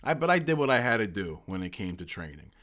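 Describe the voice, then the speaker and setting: A man, an army veteran, telling profane, animated stories in a casual chat. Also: lowish voice, fast talker.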